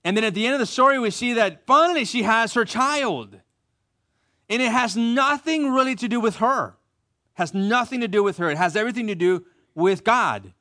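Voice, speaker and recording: A man preaching a sermon as pastor, reading scripture slowly and softly, then speaking up for lively asides. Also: very high-pitched.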